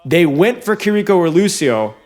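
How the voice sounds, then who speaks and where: Man, esports coach, casual match commentary, excitable, lively swooping pitch, slightly high voice. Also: normal speed. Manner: excitable, voice jumping up when plays swing; talks straight to viewers.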